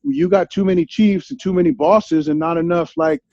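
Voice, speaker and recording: A middle-aged man, speaking a little fast in a slightly mellow, high-leaning voice, tells candid stories as an interview guest. He uses street slang, swears a lot, and keeps asking "you feel me?"; the sound is lo-fi with no room echo.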